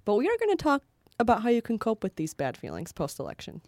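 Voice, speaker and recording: A woman's voice: a little high, huge pitch swings, fast talker, a little mellow, dry recording. A woman co-hosting a podcast in casual chat, wry and joking, often laughing mid-sentence. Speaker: podcast co-host.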